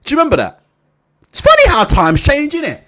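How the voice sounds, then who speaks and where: A man's voice: extremely high pitch, wildly swooping pitch, brisk, fairly bright tone. A man hosting a boxing channel, giving casual opinion commentary that is full of rhetorical tag questions, casual swearing and laughter at his own jokes. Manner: rhetorical, keeps tagging questions like "innit?" and "right?". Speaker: boxing YouTube channel host.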